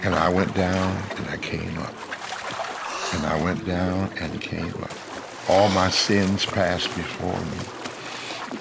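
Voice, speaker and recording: A man telling a personal faith story slowly and deliberately in a documentary. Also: deep voice, gravelly, background noise. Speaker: interviewee. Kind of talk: documentary testimony.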